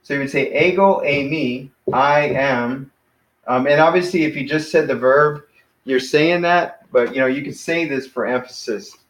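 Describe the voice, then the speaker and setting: A man teaching a Greek class in a relaxed, hesitant way, with many fillers. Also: mid-range voice, moderate pace, echoey room, rough recording.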